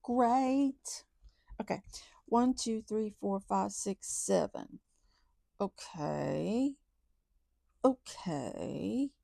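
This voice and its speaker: A woman chatting casually to viewers while counting out savings, talking soft and low close to the mic. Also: expressive, very slow, vocal fry, long pauses, no room sound. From Texas. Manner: chatty, soft and low, says y'all often. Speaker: budgeting vlogger.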